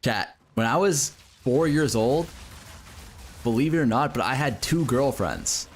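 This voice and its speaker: This American man streams games and rambles to his viewers in casual chat, leaning on fillers and often swearing and laughing. His medium-pitched voice has lively intonation, a measured pace, and a breathy edge.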